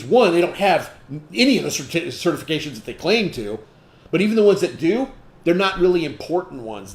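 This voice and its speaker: A man's voice: fairly high pitch, a little mellow, echoey room. A man giving a training talk to a group, emphatic and full of rhetorical questions, checking in with "okay?" again and again. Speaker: sales trainer.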